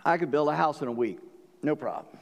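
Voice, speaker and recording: A man preaching a sermon as pastor, folksy and joking, with bursts of animated storytelling. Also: fairly high pitch, fairly quick, creaky, in a large hall. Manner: folksy, joking, animated when quoting scripture.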